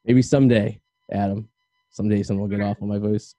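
A man's voice: fairly low pitch, fairly even intonation, a little fast, dark tone, dry recording. A man with a Boston accent hosting a podcast, chatting in a loose, rambling, jokey way. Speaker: podcast host. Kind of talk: casual podcast chat.

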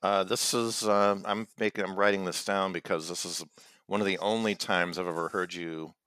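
Low-voiced man co-hosting a podcast. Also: fairly even intonation, normal speed, fairly bright tone, no echo. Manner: stumbling, self-interrupting. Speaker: podcast co-host. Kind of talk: casual podcast chat. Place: lives in Virginia.

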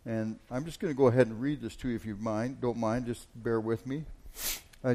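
A man delivers a sermon in an easygoing, conversational manner, often restarting his sentences and filling pauses. On key points he pushes his voice to sudden loud emphasis, then drops back to a soft, talky tone. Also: medium pitch, fairly even intonation. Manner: conversational preaching with many fillers and restarts; swells loud on emphatic lines. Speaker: pastor.

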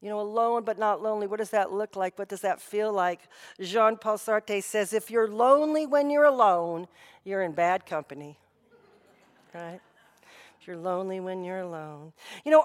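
A woman's voice: medium pitch, animated, moderate pace. A woman pastor giving a sermon in a conversational storytelling way, often saying "you know". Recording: long reverb of a hall.

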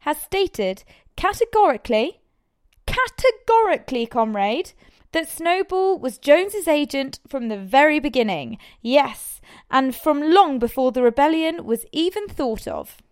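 A woman's voice: sits high, lively intonation, moderate pace. A woman voicing a sly pig propagandist. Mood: insistent. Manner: insistent, wheedling, emphatic.

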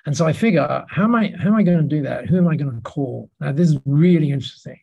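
A man as a podcast guest telling lively anecdotes in a casual interview, with many restarts. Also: a little high, quick pace, vocal fry, slightly rough, highs cut off.

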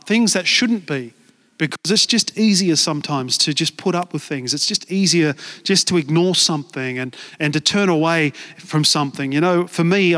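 A man's voice: fairly high pitch, a bit bright, big-room sound. A male pastor giving a sermon in a church, earnest and conversational, often repeating words as he searches for them.

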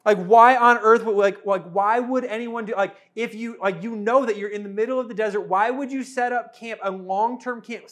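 A male pastor with a high-pitched voice preaches a sermon in a conversational, animated way, packing it with rhetorical questions.

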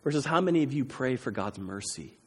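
Husky-voiced preacher in a reverberant hall. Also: male voice, medium pitch, brisk. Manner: animated, shifting between loud emphasis and quiet intensity. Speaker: pastor. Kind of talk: sermon.

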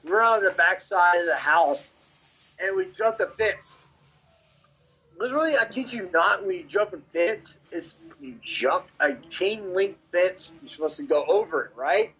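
Husky, high-voiced man. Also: moderate pace, poor audio. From Memphis, Tennessee. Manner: profane, rambling, animated. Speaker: podcast guest. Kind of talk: casual storytelling.

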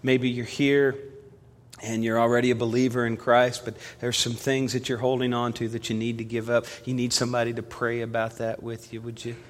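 A man preaching a sermon as pastor, telling stories and swinging from loud emphasis to hushed appeals. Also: mid-range voice, flat delivery, brisk. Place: church sanctuary. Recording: long reverb of a church hall.

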